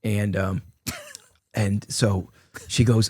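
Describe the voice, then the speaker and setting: A man's voice: fairly low pitch, a little fast, darkish tone. An older man, a guest in an interview, telling rambling anecdotes full of restarts and quoted dialogue. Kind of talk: casual storytelling interview.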